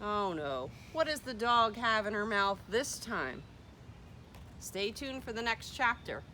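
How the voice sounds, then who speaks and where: A woman reading a children's picture book aloud at a library story time, with expressive storytelling. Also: a little hiss or hum. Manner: slow, expressive storytelling with very lively pitch.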